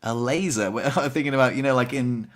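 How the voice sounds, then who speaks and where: A young man chats on his podcast in a loose, rambling way, poking fun at himself as he goes. His pitch sits in an ordinary middle range for a man. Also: brisk. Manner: chatty, rambling, self-deprecating. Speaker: podcast host. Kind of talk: casual chat.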